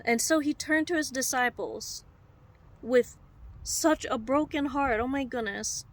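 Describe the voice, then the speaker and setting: High-voiced woman preaching with feeling. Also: a little slow. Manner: animated, heartfelt, direct to listeners. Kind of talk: sermon storytelling.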